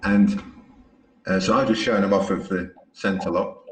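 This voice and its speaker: A man's voice: low voice, fairly even intonation, normal speed. A man hosting a podcast, telling stories in a chatty way and laughing often. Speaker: podcast host. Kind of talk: casual podcast conversation. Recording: roomy echo.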